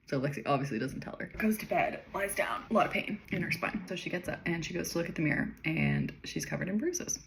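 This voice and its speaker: A woman's voice: lowish voice, big pitch swings, fairly quick, gravelly, slight background noise, low-quality recording. A young woman reading passages from her old novel and chatting about them, self-mocking and laughing often. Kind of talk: casual chat reading from a manuscript.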